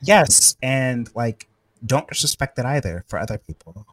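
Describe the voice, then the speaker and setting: A man's voice: medium pitch, expressive, normal speed, no echo. Chatty man with a middle voice. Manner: chatty, full of "like" asides. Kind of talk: casual discussion.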